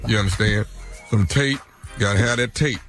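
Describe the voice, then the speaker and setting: A man's voice: fairly low pitch, a little fast, a bit bright, soft background music. A man on a radio morning show, joking and plugging his shows in a playful, drawling way. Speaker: radio co-host. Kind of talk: radio show banter and plug.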